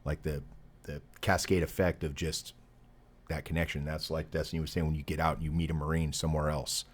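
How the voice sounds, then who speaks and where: Middle-aged man, deep voice, casual profane storytelling, podcast guest. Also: brisk. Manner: profane, animated anecdote teller.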